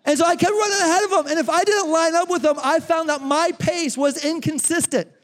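Male pastor, breathless animated preaching, very high voice, church reverb. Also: a little fast. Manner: animated, talks straight to the congregation. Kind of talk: sermon with a live running demonstration. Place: church sanctuary. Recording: long reverb of a large church hall.

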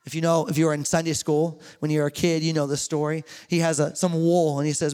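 A young man preaches in a church, and his high voice carries a long hall reverb. He retells the stories loosely and with energy, dropping slang like an old friend. It is a casual, lively sermon from the pastor himself. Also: quick pace, hardly any pauses, smooth. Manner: casual, animated storytelling with slang.

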